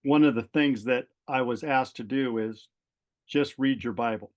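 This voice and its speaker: A middle-aged man from Southern California, a retired fire captain, telling a personal story as a podcast guest in an earnest, halting way and often repeating words. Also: mid-range voice, darkish tone.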